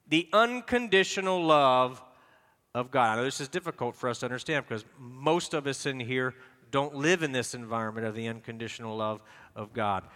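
A man's voice: medium pitch, normal speed, sharp tone. A man preaching a sermon as pastor, emphatic and repeating words as he goes, leading the congregation in reading aloud. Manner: repeats words while searching for them. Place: large church hall with long reverb. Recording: reverberant church hall.

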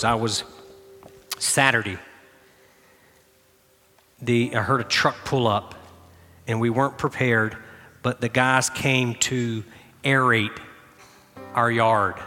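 Man, middle-aged, pastor, sermon, very bright voice, long hall echo. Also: medium pitch. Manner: animated storytelling, shouting in reenactments, dropping to quiet prayer. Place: church sanctuary. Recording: long hall reverb with faint music.

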